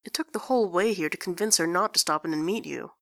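A woman's voice: lowish voice, quick pace, creaky, fairly bright tone, dry recording, studio quality. A woman voicing an earnest young man who speaks with strained patience.

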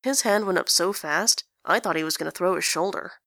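A woman's voice: fairly low pitch, a little fast, fairly bright tone, dry recording, clean studio sound. A woman voicing an anxious, self-deprecating young man who speaks hesitantly. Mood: earnest. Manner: hesitant, earnest.

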